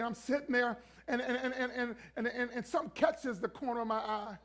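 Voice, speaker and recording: A male pastor telling a comic story in a sermon, animated, acting out voices and screams and stumbling through bursts of repeated words. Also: extremely high pitch, a little fast. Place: church before a congregation.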